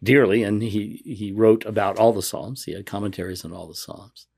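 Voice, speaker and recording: A man talking as a guest in a conversational interview, soft-spoken and moved, laughing often. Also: on the low side, fairly even intonation, normal speed, creaky, slight background noise. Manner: emotional, choking up while reading aloud. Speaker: guest author.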